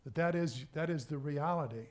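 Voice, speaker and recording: A man, a minister, giving a sermon talk in a relaxed, conversational way, pausing often and restarting his sentences. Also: a little high. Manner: conversational, halting, with many restarts. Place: church service.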